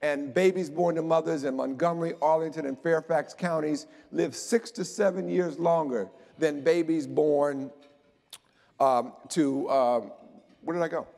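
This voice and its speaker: A man giving an animated, joking conference talk about slides to a live audience. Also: a little high, unhurried, vocal fry. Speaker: keynote speaker. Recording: long hall reverb.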